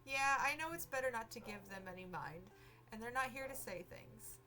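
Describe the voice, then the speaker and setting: A woman's voice: fairly high pitch, lively intonation, moderate pace, natural voice, rough recording. A woman reading a rebellious young witch heroine in a sarcastic, defiant tone.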